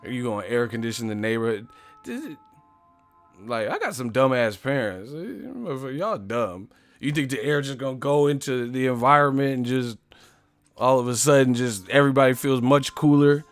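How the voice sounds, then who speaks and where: A man's voice: medium pitch, expressive, normal speed, dry recording, faint music behind. Profane, laughing man joking on a livestream. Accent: US English. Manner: profane, joking storyteller who laughs a lot. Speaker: boxing live-stream host. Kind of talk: casual live-stream chat.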